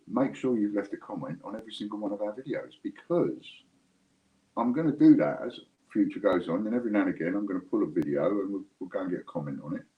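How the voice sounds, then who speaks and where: A man with a deep, slightly mellow voice hosts a livestream, rambling and joking as he talks directly to his viewers. The recording sounds muffled.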